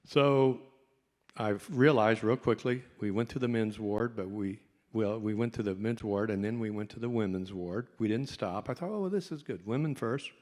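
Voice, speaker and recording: A man's voice: on the low side, fairly even intonation, moderate pace, darkish tone. A middle-aged man, a doctor, tells a folksy, self-mocking story to a convention audience. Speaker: doctor and speaker. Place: convention hall. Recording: long hall reverb.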